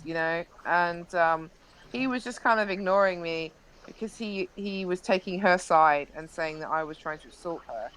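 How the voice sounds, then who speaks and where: A woman's voice: lowish voice, moderate pace, fairly bright tone, clean tone, poor audio. A young woman, a live-stream interview guest, animatedly recounting an incident with frequent restarts.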